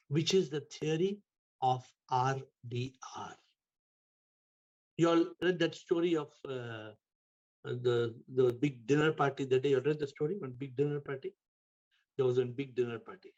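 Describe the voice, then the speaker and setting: A man giving a spiritual talk, telling stories with emphatic repetition and sudden shifts in loudness. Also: mid-range voice, measured pace, muffled recording. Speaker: spiritual teacher. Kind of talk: spiritual talk to an online audience.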